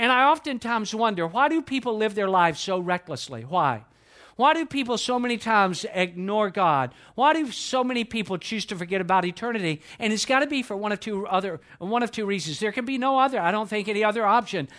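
A male pastor preaching to his congregation with a notably high voice. He drives his points home by repeating key phrases and putting questions to the listeners, in an earnest, emphatic way. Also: a bit bright. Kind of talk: sermon. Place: church with a projection screen.

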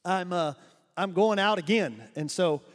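A man with a strikingly high voice preaches in a church hall, his words trailing into long reverb. He tells missionary stories with animated energy, laughing often and mimicking sounds. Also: measured pace. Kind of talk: storytelling sermon.

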